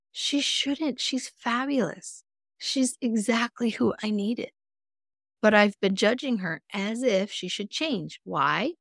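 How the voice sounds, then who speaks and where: Candid, expressive woman in a dry recording. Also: slow pace, gravelly, no echo. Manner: candid, expressive storytelling with sudden pitch jumps; earnest, self-reflective. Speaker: mindfulness coach, podcast guest. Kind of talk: casual interview conversation.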